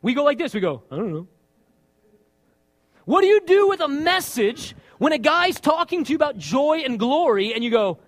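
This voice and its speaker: Preaching in a conversational style, a man with a high, brisk voice throws out rhetorical questions. He's animated, performing lines of dialogue as both himself and God.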